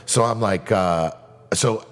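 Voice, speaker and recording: A man's voice: lowish voice, slow. A man co-hosting a podcast, telling long, rambling, profane stories in casual chat. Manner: rambling, profane, animated storyteller. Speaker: podcast co-host. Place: bar venue. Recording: long reverb in a venue.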